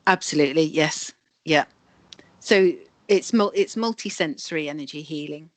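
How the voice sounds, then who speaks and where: A woman guest on a video call interview, calmly explaining energy healing. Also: deep voice, normal speed, no room sound. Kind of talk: interview answers.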